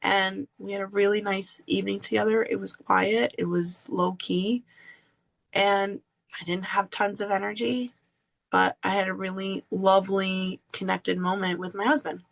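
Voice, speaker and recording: A woman podcast host telling a personal story in an earnest, confessional way with drawn-out pauses. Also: mid-range voice, flat delivery, gravelly.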